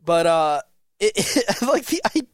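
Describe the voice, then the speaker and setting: High-pitched guy, super lively, chatty podcast cohost, dry sound. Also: measured pace, dry recording. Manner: animated, laughs often, many restarts and fillers. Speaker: podcast co-host. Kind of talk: casual chat.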